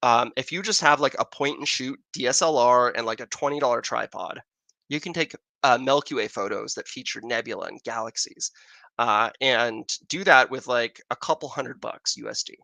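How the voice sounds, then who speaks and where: A man's voice: medium pitch, normal speed, creaky, sharp tone, dry recording. An American man hosting a casual astronomy livestream, rambling as he answers viewer questions. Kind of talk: casual live-stream chat. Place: outdoors in Arizona with a telescope.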